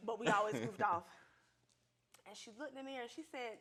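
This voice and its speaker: Podcast guest: young woman with a high, sharp voice, swearing and laughing through her stories. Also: fairly quick. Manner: profane, animated, laughing often. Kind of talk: casual storytelling. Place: podcast studio with a live audience.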